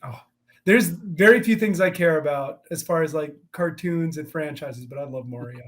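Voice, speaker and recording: A man's voice: a little high, normal speed, a bit bright. A man hosting a podcast in casual, upbeat chat over a video call. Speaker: podcast host.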